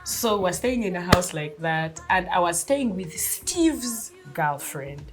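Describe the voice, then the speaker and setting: A woman in her thirties with a Ugandan accent, telling a personal story in a casual, animated way, often laughing and acting out dialogue. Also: on the low side, takes it slowly, music in the background. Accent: Ugandan English.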